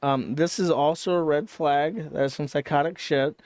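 Smooth-voiced man in a sardonic commentary stream. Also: a little high, fairly even intonation, normal speed, a little mellow, no echo. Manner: casual, profane, sardonic. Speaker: streamer host.

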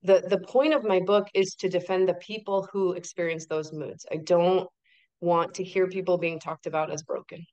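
A woman guest on a podcast talks in a slightly low voice. She sounds emphatic and animated, driving her points home with rhetorical questions. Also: moderate pace, dull audio. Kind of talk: casual interview chat.

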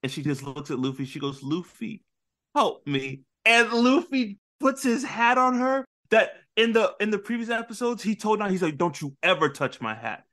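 A man co-hosting a casual pop-culture podcast, retelling anime scenes with lively storytelling and acted-out character lines. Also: high voice, brisk, few pauses. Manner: animated storytelling, acting out characters with big voice jumps. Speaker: podcast co-host.

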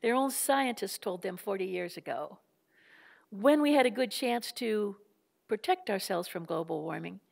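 A woman's voice: mid-range voice, animated, normal speed, creaky. An older woman giving a public lecture, impassioned and building her points through rhetorical questions and repetition.

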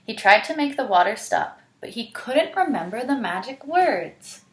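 A woman teacher reading a picture book aloud to children, animated and stopping to ask them questions. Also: a little high, moderate pace. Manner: animated, asks the listener questions. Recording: roomy echo.

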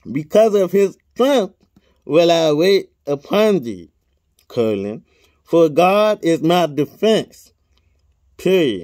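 Slow, animated man reading scripture aloud. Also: a little high, dry recording, clean studio sound. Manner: reads each punctuation mark aloud, adds casual asides. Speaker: scripture reader.

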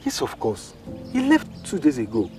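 An actor with a Nigerian accent playing a village man in a hurry, hesitant and quick. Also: mid-range voice, wildly swooping pitch, warm tone, soft background music. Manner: fast, hesitant. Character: village man carrying a cutlass, hurried. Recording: distant outdoor mic.

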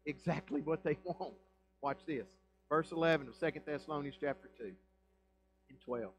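A man, a pastor preaching a sermon in a church with emphatic rhetorical questions and swings between loud and quiet. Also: on the high side, normal speed, poor audio. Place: church sanctuary.

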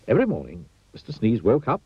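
A man narrating a children's storybook in an expressive, playful sing-song manner. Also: mid-range voice, fast talker, lo-fi sound, a little hiss or hum.

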